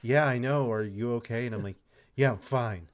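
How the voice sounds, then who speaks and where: A man co-hosting a podcast in relaxed casual chat, speaking haltingly with many filler words. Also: medium pitch. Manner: laid-back, halting, leans on filler words. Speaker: podcast co-host.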